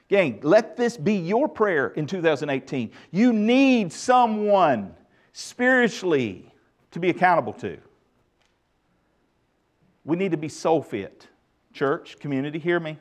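A middle-aged man preaching a sermon as pastor, emphatic and lively with touches of humor. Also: a little high.

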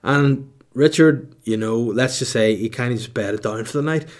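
A man tells a comic story in a loose, rambling way. He laughs often and swears freely, and his pitch sits in a middle range. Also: moderate pace. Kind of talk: comedic storytelling.

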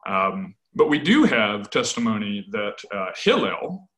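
Animated man explaining scholarship. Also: fairly low pitch, unhurried, rough recording. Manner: animated, tags points with "right?"; scholarly, self-correcting. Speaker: biblical scholar guest. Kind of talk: conversational explanation.

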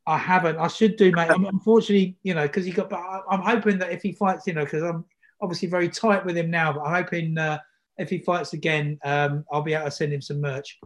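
Chatty man hosting, slightly high. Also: fairly even intonation, fast talker. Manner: chatty, upbeat, lots of fillers. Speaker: podcast host. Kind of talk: casual podcast chat.

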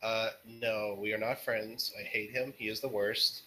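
A man being interviewed as a guest artist on a casual podcast, answering in a rambling, jokey, halting way. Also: on the low side, little pitch movement, bright, forceful tone, rough recording.

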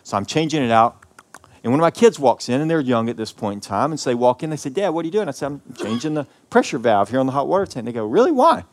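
Southern male pastor, impassioned sermon, loud peaks dropping to quiet lines. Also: mid-range voice, fast talker. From American South. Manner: impassioned preaching with big swings in loudness.

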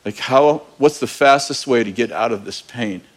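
A man's voice: mid-range voice, moderate pace. Man, pastor, sermon storytelling, conversational, candid. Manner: conversational, candid, with bursts of laughter.

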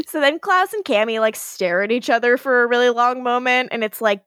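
A woman's voice: a little high, a bit bright, no echo, clean studio sound. A woman co-hosting a podcast, recapping an episode in casual chat and laughing often as she acts out lines. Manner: laughing often, acting out lines in quick snippets. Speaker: podcast co-host. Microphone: podcast microphone.

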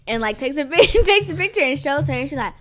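Giggly high-voiced young woman. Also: animated, fast talker, a crowd in the background. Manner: giggly storyteller, lots of "like". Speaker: podcast co-host. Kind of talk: casual chat.

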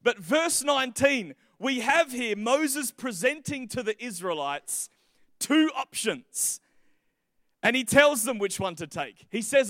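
A man preaching a sermon, moving from casual jokes to slow, emphatic scripture reading. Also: very high voice, lively intonation, bright, forceful tone, no room sound, studio quality.

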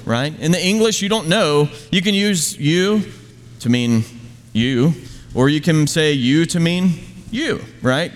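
Male pastor, sermon delivery, rhetorical and conversational, slightly high voice, long hall echo. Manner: rhetorical questions, emphatic, conversational asides.

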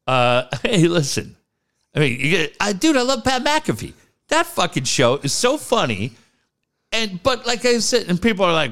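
A podcast co-host, a man with a gravelly voice, chats casually at normal speed, animated and profane. He often mimics people, his pitch jumping widely when he does.

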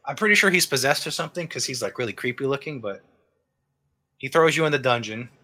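A man's voice: medium pitch, animated, fast, pushed and bright. A man casually explaining a game on a podcast, rambling and restarting his sentences as he goes. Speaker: podcast co-host reviewing a game. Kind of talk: casual chat.

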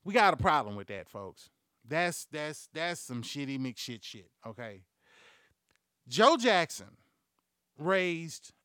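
A man with a slightly high, smooth and resonant voice hosts a comedy news podcast. He rants loudly and profanely, acting out quoted voices as he tells his stories. The recording is dry and close, with no room sound. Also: no echo. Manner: profane, loud, animated storytelling. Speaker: podcast host.

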